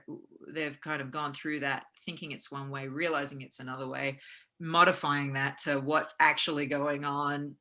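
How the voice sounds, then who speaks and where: Woman, actress-coach, low bright voice, animated chat with lots of fillers. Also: poor audio. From Australia. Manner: animated, laughs often, many fillers. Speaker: guest, actress and acting coach. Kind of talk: casual interview conversation.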